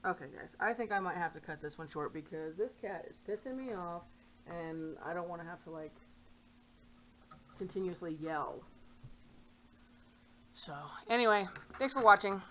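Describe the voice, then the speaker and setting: A woman's voice: fairly low pitch, moderate pace. A woman chatting casually while she stitches at home, rambling and breaking off now and then to scold her kitten. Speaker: cross-stitch vlogger. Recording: dull lo-fi sound with faint hiss.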